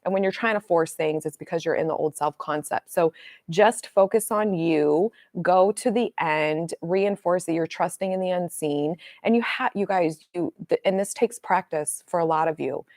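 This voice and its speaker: Middle-aged woman coach, livestream chat, blunt and swears, slightly low voice, dry close sound. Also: moderate pace, dry recording. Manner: blunt, swears freely, animated storytelling. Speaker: manifestation coach. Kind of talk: casual livestream talk.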